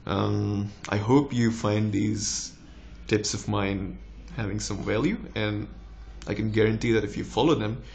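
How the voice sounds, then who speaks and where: A young man in his twenties with a slight American tinge, a doctor giving relaxed, encouraging exam tips in a casual vlog. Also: measured pace, vocal fry, a little hiss or hum. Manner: relaxed, encouraging, with lively rises in pitch.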